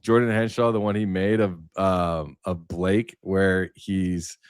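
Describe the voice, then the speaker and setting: Rambling low-voiced male streamer. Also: flat delivery, slow, smooth, dry recording, clean studio sound. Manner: rambling storyteller, many fillers. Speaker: livestream host. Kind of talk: casual livestream chat.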